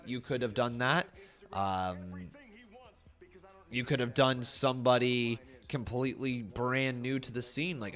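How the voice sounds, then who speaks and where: A man's voice: mid-range voice, a bit bright. A man casually reacting to wrestling on a live stream, reading chat messages aloud and rambling with frequent laughs. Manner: joking, laughs often.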